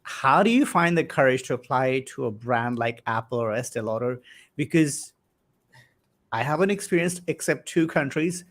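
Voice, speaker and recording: A man's voice: mid-range voice, expressive, moderate pace, a bit bright. A man hosting a live-streamed interview, chatty, reading out viewer comments and asking questions. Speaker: host.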